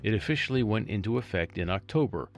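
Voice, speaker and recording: A man's voice: fairly low pitch, lively intonation, fast. A man reading a local news story aloud and adding chatty, wry asides as a storytelling host.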